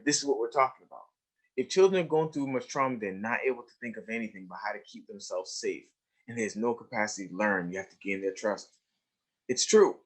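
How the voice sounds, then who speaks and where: Animated man telling classroom stories. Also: medium pitch. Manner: animated storytelling, acts out quoted students, drops to a hush for asides. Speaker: educator presenting a webinar. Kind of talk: conversational lecture with anecdotes.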